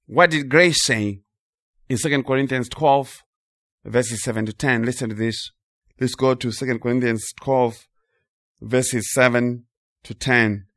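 A man preaching a sermon with emphasis, repeating key phrases and slowing on important words. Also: mid-range voice, steady tone, fairly bright tone, no echo, clean studio sound.

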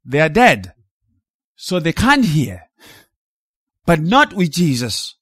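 A man preaching a sermon in an animated, emphatic way, rising to loud peaks and dropping low. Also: takes it slowly, long pauses, slightly rough, no room sound, studio quality.

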